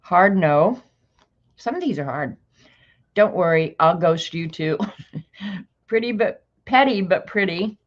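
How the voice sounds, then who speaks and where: Older woman livestream host, unhurried low voice, dry sarcastic chat, dull lo-fi audio. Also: animated. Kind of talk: casual chat reading aloud to viewers.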